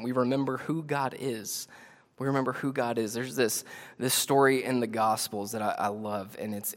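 A male pastor preaching a sermon, animated, swinging between loud emphasis and hushed near-whispers. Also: mid-range voice. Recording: long hall reverb.

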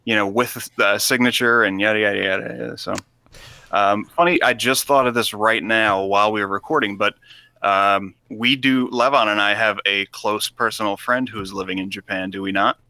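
A man's voice: lowish voice, fairly even intonation, normal speed, sharp tone, no room sound. A man co-hosting a podcast, wry and casual, steering the chat. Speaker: podcast co-host.

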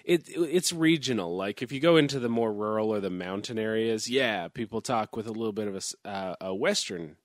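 A man co-hosting a podcast in casual chat, opinionated, halting with fillers and quick to laugh. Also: on the low side, animated, dry recording, clean studio sound. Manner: opinionated, hesitant with many uh fillers, laughs often. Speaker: podcast co-host.

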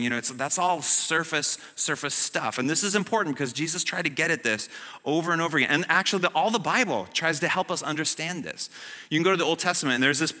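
Pastor, man, chatty joking sermon; very bright tone, long hall reverb. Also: fairly high pitch. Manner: casual, humorous, many fillers. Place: church.

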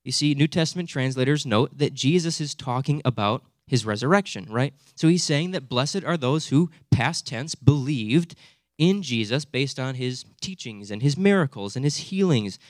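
A young man preaching a sermon in an animated, conversational way, often checking in with his listeners with quick asides. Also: medium pitch, no room sound, studio quality. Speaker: pastor.

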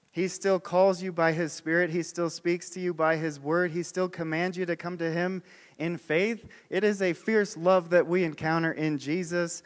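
A man preaching a sermon emphatically, swelling and dropping his voice and slowing on key words. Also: a little high, in a large hall. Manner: emphatic, with swings in loudness and slowed key words.

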